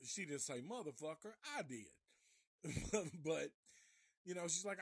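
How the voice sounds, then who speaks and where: A man casually reviewing a horror film live, retelling the plot in a profane, animated way. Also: on the high side, a little slow, breathy edge, no echo, studio quality. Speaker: movie reviewer.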